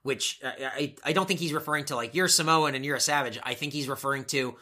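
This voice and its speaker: A man's voice: a little high, quick pace, sharp tone. A man co-hosting a podcast, rambling through a casual play-by-play recap with swearing tossed in. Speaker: podcast co-host. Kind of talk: casual wrestling recap chat.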